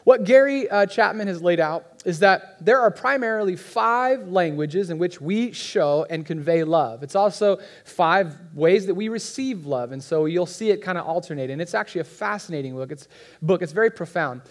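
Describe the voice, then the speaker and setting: A man's voice: sits high, expressive, moderate pace. A man in his thirties giving a guest sermon in a church, talking conversationally and joking with the congregation. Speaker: guest pastor.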